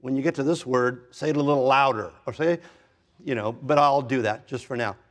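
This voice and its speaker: A man in his fifties or older, a pastor giving an expository sermon in a conversational way, with self-deprecating asides and wide swings in pitch and loudness for emphasis. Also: brisk. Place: church sanctuary.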